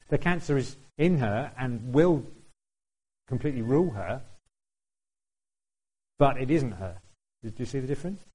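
A man's voice: fairly high pitch, darkish tone, poor audio. Conversational male preacher. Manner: conversational, asks the congregation questions, laughs now and then. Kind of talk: sermon.

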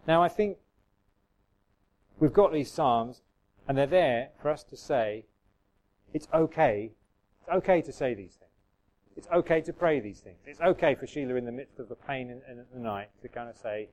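A man's voice: medium pitch, expressive, fairly quick, a little mellow, poor audio. Conversational man preaching. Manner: conversational, musing with restarts and audience asides. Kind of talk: sermon.

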